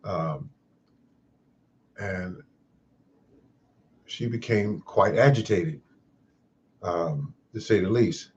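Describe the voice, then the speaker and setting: Low-voiced man telling a rambling story. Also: drawn-out words, long pauses, a little mellow, dull audio, a little hiss or hum. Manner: rambling, reflective, moralizing. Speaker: host of a live-stream gardening show. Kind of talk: casual live-stream storytelling.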